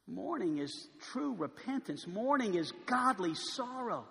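A male preacher with a very high, bright, ringing voice delivers a sermon. He moves from hushed, pleading moments to loud, forceful proclamation. His voice carries with the long reverb of a large church hall. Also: very animated, unhurried, gravelly, few pauses.

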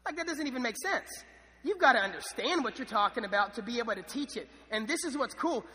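Young male preacher, high bright voice, eager and chatty, church hall reverb. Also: lively intonation, fast talker. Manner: enthusiastic, many restarts and fillers. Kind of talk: sermon.

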